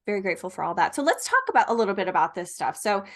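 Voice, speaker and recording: A woman's voice: medium pitch, sing-song, racing. Easygoing woman podcast host. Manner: easygoing, casual fillers, asks open questions. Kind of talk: conversational interviewing.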